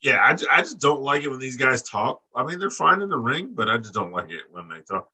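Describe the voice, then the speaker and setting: Bright-voiced man ranting crudely. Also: medium pitch, brisk, husky, rough recording. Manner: blunt, crude, animated rants. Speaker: podcast co-host. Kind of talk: casual profane chat.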